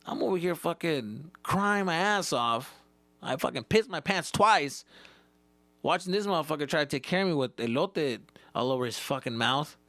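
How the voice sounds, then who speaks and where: Profane, animated male comedian podcast host. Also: fairly high pitch, normal speed, dry recording. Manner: animated, swears constantly, mixes in Spanish. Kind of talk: casual profane storytelling.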